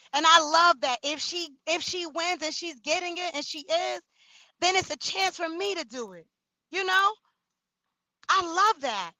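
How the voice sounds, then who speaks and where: A woman with a high voice comes through a dry, rough recording. She's a livestream host reading comments in casual chat, loud, expressive, and slangy, talking straight to her viewers with loose asides.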